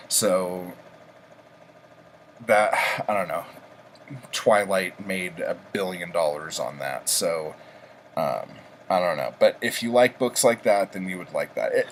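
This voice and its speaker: A book reviewer and vlog host talks casually about the books he read this week, rambling with many ums and likes. His voice sits low, and the poor audio carries a little hiss or hum.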